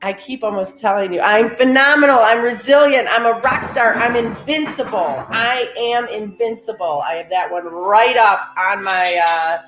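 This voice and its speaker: A woman's voice: medium pitch, normal speed, hardly any pauses, fairly bright tone. A woman guiding a live breathing and affirmation session, repeating her cues in a coaxing way and calling out viewers' names from the chat. Her voice sits in a middle register. The sound is roomy, with faint music underneath. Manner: repetitive, coaxing instructions, calls listeners "baby".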